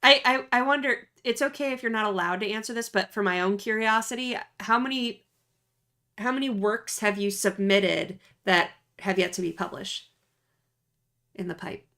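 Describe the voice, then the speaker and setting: Woman host w a bright clear voice, giggly, reading out questions. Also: mid-range voice, normal speed. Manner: giggly, laughs often. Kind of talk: casual interview chat.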